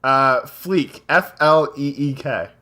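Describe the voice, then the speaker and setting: A man's voice: mid-range voice, takes it slowly, bright, forceful tone. A man co-hosting a casual podcast chat, crude and joking, laughing often. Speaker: podcast co-host.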